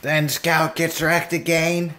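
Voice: medium pitch, little pitch movement, slow, sharp tone, slight background noise. A reaction video host giving profane, mocking commentary in a put-on voice, laughing often. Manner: doing a put-on voice. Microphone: headphones with a desk mic.

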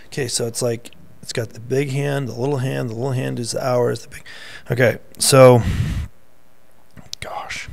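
A man's voice: medium pitch, level tone, moderate pace, creaky, a little mellow, no echo. A man co-hosting a casual faith podcast, teasing his co-host and reading news headlines aloud in a playful quiz. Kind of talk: casual chat, quiz game.

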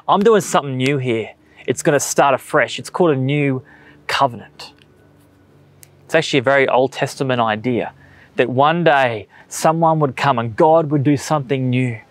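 A man in his thirties with an Australian accent, preaching a sermon in a conversational, earnest way with everyday stories. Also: mid-range voice. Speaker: pastor. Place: church stage.

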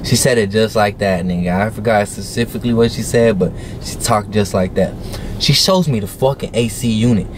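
A man's voice: fairly low pitch, normal speed, background noise. A young man casually telling a story to camera, slangy and profane, with plenty of fillers. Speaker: vlogger.

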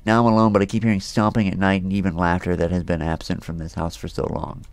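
A man's voice: low voice, flat delivery, quick pace, clear, resonant tone, no room sound. A man playing a horror game and talking to himself, jumpy and swearing, breaking into nervous laughter. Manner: talks to himself while playing. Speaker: gaming video host. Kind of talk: casual horror game commentary.

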